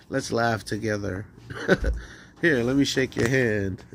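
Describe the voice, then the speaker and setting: A man's voice: mid-range voice, slow pace, gravelly, fairly bright tone, slight background noise. A man voicing an angry man who turns sweet and gushing, offering hugs and outings. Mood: giddy, gushing.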